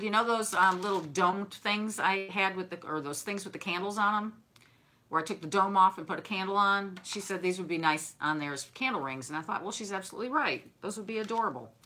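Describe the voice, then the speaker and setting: Gushing woman with a bright voice. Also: mid-range voice, fairly quick. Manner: gushing, chatty, effusive. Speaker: craft and decor vlogger. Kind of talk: casual chat unboxing viewer gifts.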